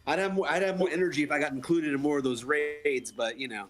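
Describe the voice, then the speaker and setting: A man's voice: a little high, fast talker. A man on a voice-call stream, joking and stammering as he chats. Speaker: stream guest. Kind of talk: casual chat.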